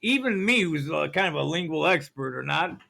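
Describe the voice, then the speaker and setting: Male vlogger, gravelly and forceful, ranting and conspiratorial, filmed on a phone in store aisles. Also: on the high side, animated, moderate pace. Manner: ranting, conspiratorial, repeats "see how that works". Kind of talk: ranting shopping vlog.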